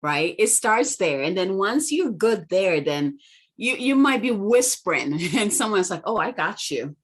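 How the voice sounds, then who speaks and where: Woman podcast guest, mid pitch, earnest and affirming, speaks in repeated mantra-like phrases. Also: big pitch swings, measured pace. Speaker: guest, spiritual mentor. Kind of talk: conversational podcast interview.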